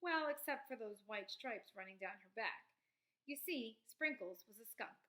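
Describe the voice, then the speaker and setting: A woman's voice: a little high, animated, moderate pace, pushed and bright, rough recording. A woman reading a children's book aloud expressively, with small slips. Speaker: storyteller.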